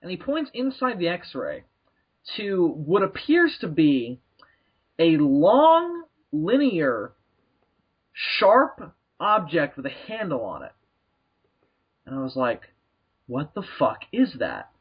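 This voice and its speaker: A man's voice: a little high, very animated, slow, long pauses, husky. A man hosting a comedy podcast, telling a rambling, profane story and acting out the people in it. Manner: profane, laughing, acts out people in stories. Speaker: podcast host. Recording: muffled lo-fi podcast recording.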